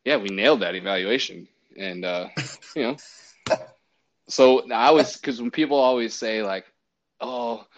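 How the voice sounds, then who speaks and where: A man who works as a baseball umpire, casually telling a story with lots of restarts and acted-out quotes. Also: on the low side. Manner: animated, acts out quotes, many restarts. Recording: dull lo-fi audio.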